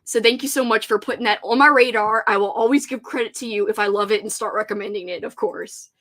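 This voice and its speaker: A woman's voice: mid-range voice, quick pace, fairly bright tone. A woman hosting a casual reading livestream, gushing and laughing often as she answers viewer comments. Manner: bubbly and gushing, laughs often, many "like" fillers.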